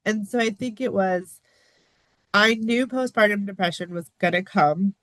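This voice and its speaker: A woman from the United States, a podcast guest talking openly in a casual interview, earnest and expressive, with small laughs and lively pitch jumps when she quotes others. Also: a little slow, dry recording.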